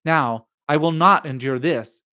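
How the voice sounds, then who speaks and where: A man's voice: fairly high pitch, unhurried. A man reading a ghost story aloud, voicing a frightened young woman who forces herself to be defiant. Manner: tense, building to defiant shouting. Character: frightened young woman steeling her nerve.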